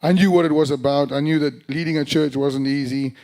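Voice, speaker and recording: Halting South African pastor telling his story. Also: on the high side, steady tone, darkish tone. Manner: halting, many fillers and restarts. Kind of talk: casual storytelling interview. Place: church during a live music evening.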